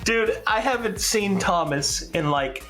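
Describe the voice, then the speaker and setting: A man's voice: sits high, unhurried, soft background music. A man running tabletop games, casually telling a story with frequent laughter. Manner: animated, laughs often through the story. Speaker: game master.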